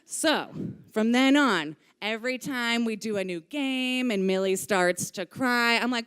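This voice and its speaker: A woman telling a personal story live on stage into a microphone, candid and lively, swearing casually. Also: on the high side, measured pace, clear, resonant tone. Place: stage of a live music venue.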